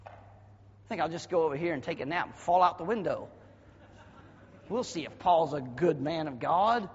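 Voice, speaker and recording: A man from the American South with a Southern accent, preaching a sermon as pastor with a husky voice, dropping to quiet asides and then bursting into loud shouted passages. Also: fairly high pitch, expressive, normal speed, pauses often. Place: church sanctuary. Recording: dull audio with long hall reverb.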